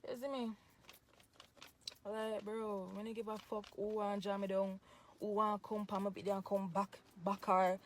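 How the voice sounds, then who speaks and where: A woman's voice: mid-range voice, level tone, moderate pace, a little hiss or hum. A woman with a Jamaican accent venting angrily to camera outdoors in the hot sun, cursing heavily and repeating herself. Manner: profane, heated, repetitive. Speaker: social media poster. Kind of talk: angry venting rant to camera.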